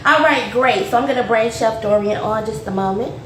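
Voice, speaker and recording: A chatty woman hosts a casual home cooking stream, speaking a bit high and talking straight to her viewers. Her voice sits away from the mic in an echoey kitchen, with faint noise behind her. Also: a little fast, a bit bright, distant mic. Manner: chatty and upbeat, addressing viewers as y'all. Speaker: host of a home cooking show. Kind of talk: casual livestream cooking chat.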